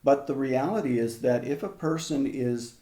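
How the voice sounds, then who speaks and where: An older man working as a hypnotherapist, telling stories in an interview in a measured, conversational way with frequent restarts. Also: medium pitch, warm tone, reverberant. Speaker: hypnotherapist guest. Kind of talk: reflective storytelling in an interview.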